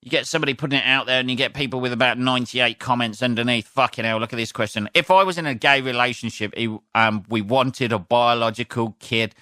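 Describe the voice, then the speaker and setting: A man's voice: mid-range voice, bright, forceful tone, dry recording, clean studio sound. A man hosting his own podcast, rambling and swearing casually, sniffly from sneezing, laughing at his own jokes. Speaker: podcast host. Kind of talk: casual solo podcast rant.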